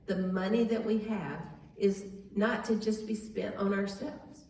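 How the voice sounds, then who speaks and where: A woman's voice: mid-range voice, steady tone, a little slow, mellow. Echoey, distant woman leading Bible study. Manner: earnest, conversational teaching with frequent restarts and asides. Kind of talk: live Bible study teaching. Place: large echoey room with a live group. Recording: very echoey room recording from far off.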